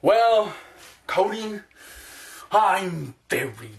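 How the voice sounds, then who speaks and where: A man doing a smug, whiny male fighter in a slow, low mumble. It is a sneering send-up, the voice sagging and drifting quieter as it goes. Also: big pitch swings, vocal fry, full character voice. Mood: mocking.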